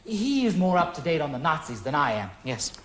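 A man's voice: on the high side, very animated, brisk, crowd noise. An actor playing an eccentric, breezy male scholar, from an old film soundtrack. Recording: echoey noisy film audio.

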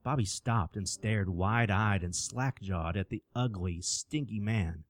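A man narrating a scripted horror story with an expressive storytelling delivery. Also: lowish voice, measured pace, no echo.

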